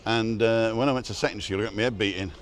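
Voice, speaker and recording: A man's voice: on the low side, steady tone, rapid-fire, a little hiss or hum. A middle-aged English man chatting and joking while filming a walk by the sea. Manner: jokey, chatty, teasing. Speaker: vlogger filming a walkabout. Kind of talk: casual chat. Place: outdoors by a seaside street.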